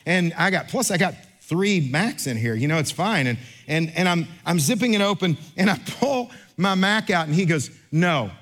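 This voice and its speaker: Animated storytelling pastor, fairly high voice. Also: male voice. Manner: animated storyteller, acts out other voices, then slows for scripture. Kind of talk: sermon with storytelling.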